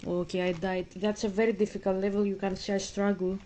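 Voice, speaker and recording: Woman streamer, earnest and preachy, mid-pitched, flat delivery. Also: fairly quick, rough recording. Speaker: gaming streamer. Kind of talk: casual talk while playing a video game.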